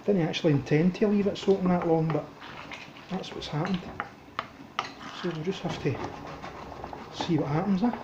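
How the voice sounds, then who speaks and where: A relaxed Scottish cooking vlogger with a mid-pitched voice offers chatty, unhurried commentary during a home cooking session, thinking aloud as he works. The recording is dull and lo-fi, with roomy kitchen echo and steady background noise.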